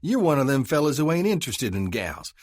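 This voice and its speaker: A man doing a loud sneering young Texan cowhand. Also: medium pitch, sing-song, pitched above the performer's own voice. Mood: taunting. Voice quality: loud, sneering, quick to shout. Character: brash young male Texan cowhand, hot-headed bully.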